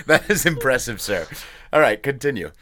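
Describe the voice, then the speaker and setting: A man hosting a podcast, chatting casually and teasing his guest with quick interjections. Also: medium pitch, big pitch swings, sharp tone. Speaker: podcast host. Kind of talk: casual chat.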